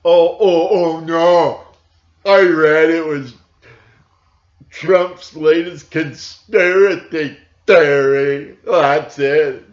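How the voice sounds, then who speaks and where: A man mimicking a gullible know-it-all in a whiny, mocking sing-song voice, much higher and louder than his own. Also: steady tone, extremely slow. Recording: roomy, dull lo-fi sound.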